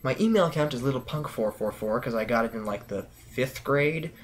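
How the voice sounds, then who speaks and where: A teenage guy hosting a casual vlog from his bedroom, rambling and joking at his own expense, with long drawn-out pauses. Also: mid-range voice, a little hiss or hum. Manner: rambling, jokey, self-deprecating, with drawn-out pauses. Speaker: vlog host.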